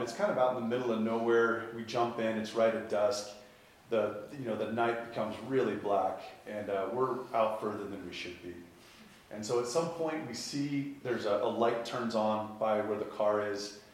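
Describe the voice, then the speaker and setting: A man telling a personal story in a lively way, often laughing at his own tale. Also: lowish voice. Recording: echoey room from far off.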